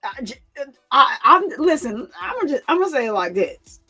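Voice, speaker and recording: A woman with a slightly high voice talks casually and animatedly to her viewers, circling back to repeat her points. She laughs often as she goes. Soft music plays faintly underneath. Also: sing-song, normal speed. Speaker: commentary channel host.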